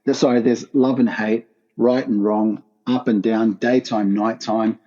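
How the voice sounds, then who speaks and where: A man's voice: fairly low pitch, steady tone, measured pace, mellow, muffled recording. A man, a podcast guest telling a raw personal story in an earnest, intense way with casual slang. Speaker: podcast guest, former pro skateboarder. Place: his art gallery, remote call.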